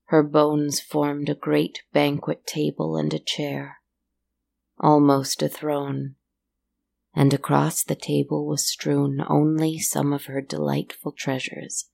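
Slow, creaky-voiced woman storyteller. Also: deep voice. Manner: calm, slow and measured. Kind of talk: storybook narration.

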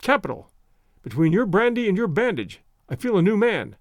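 Brief: nervous, courteous young engineer, read by a man, bright-pitched, dry close sound. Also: sing-song, moderate pace, no room sound. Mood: shaken. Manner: polite, weary, nervous. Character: young male engineer, pale and shaken.

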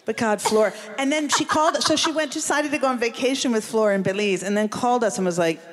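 A woman from New Jersey in a casual chat, telling lively stories about a friend and laughing often. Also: on the high side, fast. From Central New Jersey.

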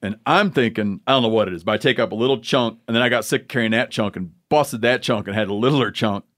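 A man's voice: lowish voice, a bit bright. A man hosting a podcast, telling a rambling story in casual, joking chat. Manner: storytelling, joking, drawn-out asides. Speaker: podcast host.

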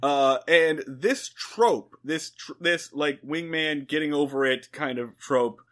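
A man's voice: fairly high pitch, slow, a bit bright. A man co-hosting a podcast in laid-back, profane casual chat, with plenty of fillers. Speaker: podcast co-host.

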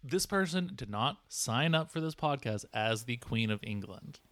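A man's voice: medium pitch, lively intonation, moderate pace, a bit bright, dry recording. A man co-hosting an improvised comedy podcast, teasing his partner in a mock-exasperated way, with plenty of fillers. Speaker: podcast co-host.

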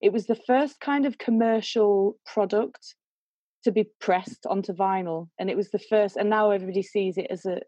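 A guest singer shares a personal story, reflective and emotional, in a conversational way. Her mid-range voice is mellow and moves at normal speed. The recording has no room sound, and the highs are cut off.

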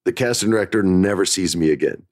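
Podcast host, male, low voice, dry close sound, candid and emphatic storyteller. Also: fast talker, a little mellow, no echo.

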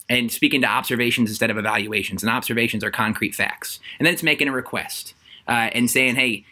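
A man's voice: medium pitch, bright, forceful tone. A man, an author and interview guest, explaining his ideas earnestly, often restarting his sentences with fillers. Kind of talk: conversational interview.

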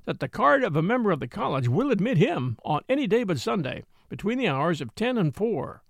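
Man voicing a jolly doctor, loud, polite, lively, slightly gravelly. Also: high-pitched, fairly quick, no room sound, clean studio sound, exaggerated voice. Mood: cheerful. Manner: loud, cheerful and overly polite. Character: polite, oblivious cheerful male doctor.

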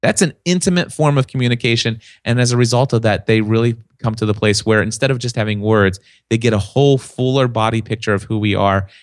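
A man's voice: mid-range voice, fast, hardly any pauses, no echo, clean studio sound. A man talking as a podcast guest, telling stories and acting out other people's voices in a casual chat. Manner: animated storyteller, acts out quoted voices.

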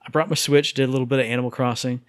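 A man co-hosting a podcast in casual chat. He is an animated, jokey storyteller who acts out the sounds in his stories. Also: mid-range voice, rapid-fire, dry recording. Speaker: podcast co-host.

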